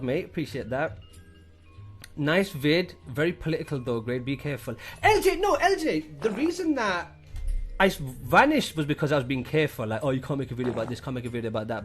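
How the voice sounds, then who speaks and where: A young British man streaming live, reading chat and thanking subscribers in a casual, profane way. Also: a little high. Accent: British English. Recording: faint music behind the voice.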